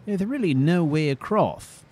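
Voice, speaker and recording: A man's voice: fairly high pitch, lively intonation, measured pace, a little mellow. A man voicing a fussy, bookish male adventurer who talks in prim, formal phrases and grumbles aside during gameplay. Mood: exasperated. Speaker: gameplay narrator voicing his character. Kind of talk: in-character gameplay commentary.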